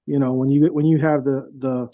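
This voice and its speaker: A man's voice: medium pitch, flat delivery, moderate pace, dry recording. A middle-aged man, a veteran guest, tells his stories in a casual, rambling way with many fillers and restarts. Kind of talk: casual storytelling. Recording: dull, dry lo-fi sound.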